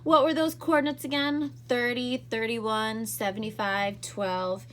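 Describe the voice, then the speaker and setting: A woman voicing a smooth, scornful teenage boy villain in a storybook reading, with a mocking, persuasive manner. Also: fairly high pitch, steady tone, a little slow, a little hiss or hum, pitched above the performer's own voice, close to an everyday voice. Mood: taunting.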